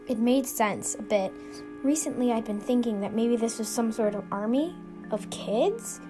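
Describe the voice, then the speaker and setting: A woman narrates a scripted suspense story in an earnest, steady manner, her voice pitched on the higher side. She hosts the show. Clear music plays behind her narration. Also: moderate pace. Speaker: storyteller and podcast host.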